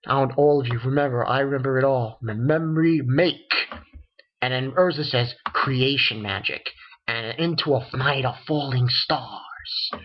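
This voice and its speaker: A man casually recapping a manga chapter, excitable and profane, with many restarts. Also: mid-range voice, breathy edge, muffled recording. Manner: excitable, swears, retells dialogue with many restarts. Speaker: manga reviewer.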